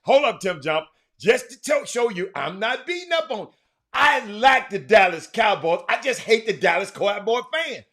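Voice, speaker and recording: A male host rattles through sports talk with a high, lively voice that leaps all over the place. He teases the fans and shouts out names from the chat, and he trips over his own words as he goes. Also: moderate pace. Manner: loud, excitable, teasing, repeats words, sudden shouts. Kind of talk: animated sports talk, reading live chat.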